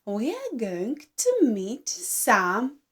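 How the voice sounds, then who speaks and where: A woman teaching babies to talk, speaking gently and slowly in single drawn-out words, with exaggerated animal sounds to copy. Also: on the high side, wildly swooping pitch, slightly rough. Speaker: baby speech teacher. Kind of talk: slow modelled speech for babies.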